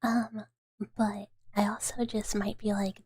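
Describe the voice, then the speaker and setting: A woman chats with her stream in a very breathy, soft whisper, close to the mic in a dry space. Her talk drifts and rambles, full of little fillers. Her pitch sits in an ordinary middle range for a woman. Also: level tone, very slow, dry recording. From Southern United States. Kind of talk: whispered ASMR live stream chat.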